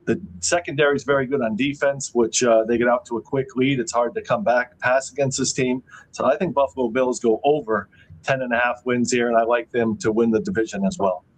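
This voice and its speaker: Guy co-hosting sports picks, normal pitch, calm and matter of fact. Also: brisk, rough recording. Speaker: sports betting show co-host. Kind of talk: casual betting talk.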